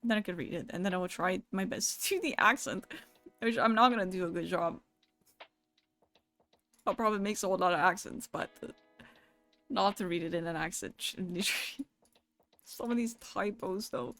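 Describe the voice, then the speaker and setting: Brief: young woman streamer, casual and foul-mouthed, mid-range voice, soft music under her. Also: medium pitch. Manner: casual, profane, quick to laugh. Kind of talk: casual live-stream chat, reading viewer messages.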